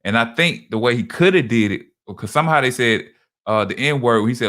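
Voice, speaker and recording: A man's voice: medium pitch, lively intonation, a little fast, fairly bright tone. A man in casual podcast chat, telling stories loosely with many restarts. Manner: loose, repetitive storytelling with frequent restarts. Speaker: podcast co-host.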